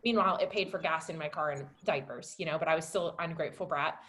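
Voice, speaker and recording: Emotional storytelling woman, filler-heavy. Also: quick pace. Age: 20s. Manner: rises high and loud when reliving moments. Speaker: wellness coach. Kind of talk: personal testimony on a webinar.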